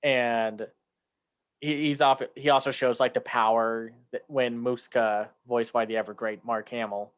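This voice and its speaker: A man's voice: medium pitch, fairly even intonation, unhurried, clear, resonant tone. A man co-hosting a casual chat, talking loosely with many fillers and restarts, sometimes acting out lines in a raised voice. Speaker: podcast co-host.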